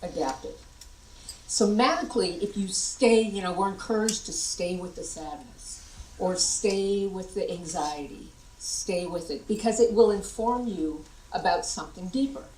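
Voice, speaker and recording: A woman's voice: mid-range voice, moderate pace, distant mic, slight background noise. American woman lecturing in an echoey hall. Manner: lively, demonstrates vocal tones to the audience. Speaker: workshop presenter. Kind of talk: conference workshop talk. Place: large conference hall.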